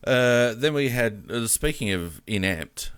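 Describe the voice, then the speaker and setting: A man's voice: mid-range voice, expressive, a little slow, a bit bright, clear, resonant tone, no echo. An Australian man hosting a casual sports podcast, opinionated and hesitant, with many fillers. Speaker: podcast host.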